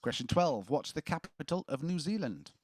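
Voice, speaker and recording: A man's voice: fairly high pitch, sing-song, normal speed, slight background noise. A man hosting a casual quiz, reading questions and joking between answers. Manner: jokey, chuckling as he reads questions. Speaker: quiz host.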